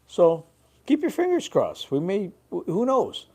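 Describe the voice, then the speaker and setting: Lively older man telling fishing stories. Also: high voice, unhurried. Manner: lively storyteller, animated. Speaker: co-host of a fishing show. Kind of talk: casual chat.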